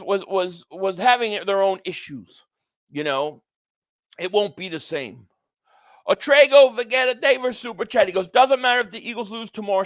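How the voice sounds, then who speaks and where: Stream host, male, sharp bright tone, dead dry mic, fan energy reading super chats. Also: high-pitched, dry recording. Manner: reads viewer super chats, shouts at plays. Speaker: live stream host reacting to football. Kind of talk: live stream reaction and chat reading.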